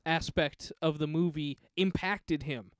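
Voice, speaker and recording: A man with a fairly high, smooth voice co-hosts a casual movie podcast at a measured pace, offering blunt, strongly held opinions and growing animated when riled. The studio-quality recording has no room sound.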